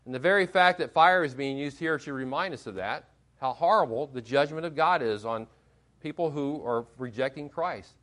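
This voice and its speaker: A male pastor delivering a sermon with an emphatic, questioning manner. His voice sits a little high for a man, and he keeps turning to his listeners with rhetorical questions. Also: a bit bright.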